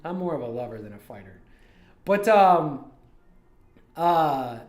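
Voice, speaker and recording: A man's voice: a little high, big pitch swings, measured pace, a little mellow, faint music behind. A man from Toledo, Ohio, chatting casually on his livestream as a streamer and animator, drifting from one story to the next. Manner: rambling, digressive storytelling. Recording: roomy echo.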